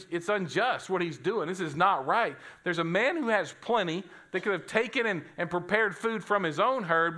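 Bright-voiced male pastor preaching. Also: fairly high pitch. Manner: storytelling, acts out voices in quotes. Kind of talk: sermon.

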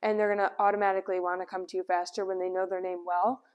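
Indoors at home, a camera placed at a distance records a woman dog trainer's casual demonstration. Her voice is mid-range, and she explains things calmly, breaking off to cheerfully call the dog's name and offer quick praise.

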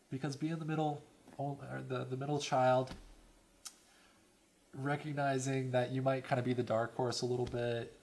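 A man's voice: mid-range voice, gravelly, darkish tone, a little hiss or hum. A young man in an interview, talking earnestly about an old friend and filling his speech with "you know". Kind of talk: reflective documentary interview.

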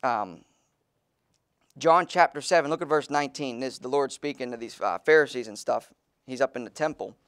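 Pastor guy preaching, gravelly voice, mid pitch, lots of um and restarts, slows way down for bible verses. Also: fairly bright tone. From Pennsylvania, USA. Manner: folksy, informal preaching with many fillers and restarts; reads scripture aloud with slow emphasis. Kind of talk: sermon.

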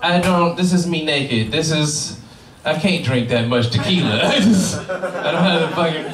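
A man doing a stand-up comedy set, telling profane, animated stories with exaggerated voices to a live audience. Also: a little high, normal speed. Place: cannabis club comedy show before a live audience. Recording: roomy live room, distant mic, crowd laughter.

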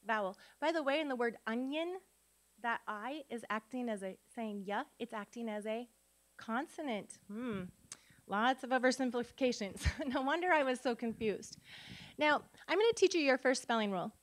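Woman educator from Minnesota, slightly high voice, energetic classroom delivery that sounds out vowels and quizzes the room. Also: normal speed. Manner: lively, demonstrates sounds aloud, asks audience questions. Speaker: literacy educator, conference speaker. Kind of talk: live teaching talk to tutors. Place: conference room.

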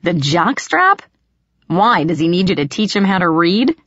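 A woman's voice: fairly low pitch, big pitch swings, unhurried, a bit bright, no room sound, exaggerated voice. Woman playing a teasing teenage prankster boy. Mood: needling. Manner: teasing, laughing, mocking. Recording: dry, slightly muffled.

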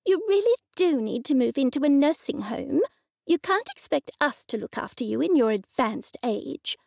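A woman's voice: high-pitched, expressive, normal speed, vocal fry, a little mellow, no echo, studio quality, pitched above the performer's own voice. A woman voicing a bossy grown-up daughter in an audiobook who talks down to her mother in a lecturing way. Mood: condescending. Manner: condescending, lecturing.

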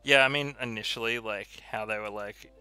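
A man's voice: lowish voice, brisk, sharp tone, faint music behind. A man co-hosting a gaming channel, rambling and giggling, full of likes and ums. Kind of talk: casual gaming chat.

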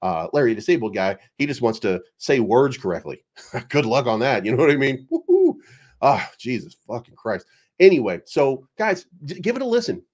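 A man's voice: medium pitch, very animated, fairly quick, husky. A man giving a rambling, sarcastic and profane commentary as the host of an online channel. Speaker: crypto YouTube commentator. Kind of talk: casual ranting commentary.

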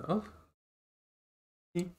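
A middle-aged vlogger chats casually at home, rambling playfully and cooing to his dogs, captured on a tablet serving as an action cam. He draws out his words in a mellow voice, with slight background noise audible.

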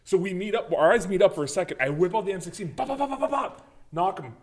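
A man chatting on a casual gaming podcast, telling a long story with real animation. He swears freely and acts out his own panicked reactions. His voice sits a little higher than most men's. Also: expressive, fast. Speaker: podcast co-host.

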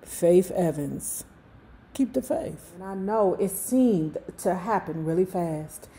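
Woman, 50s, thick D.C. accent, book club host, slow drawl, mellow tone, jokey asides. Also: on the low side, expressive. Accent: Washington, D.C. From Washington, D.C. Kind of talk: casual reading with chatty asides.

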